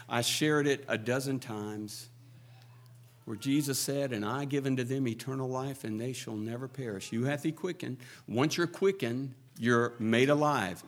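A man preaching a sermon, moving between hushed, quiet passages and loud, fervent build-ups as he quotes scripture. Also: mid-range voice.

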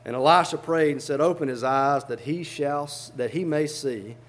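A man's voice: fairly high pitch, normal speed. A man preaching a sermon, fervently reading old scripture aloud and explaining it in plain everyday words.

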